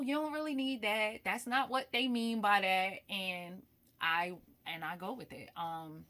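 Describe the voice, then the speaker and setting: A young adult woman talks frankly about her spiritual practice in a casual, animated way. Her voice sits low for a woman but sounds bright and forceful. She sometimes sinks to a near-whisper when she remembers. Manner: candid, animated, drops to hushed tones when reminiscing. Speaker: spiritual reader.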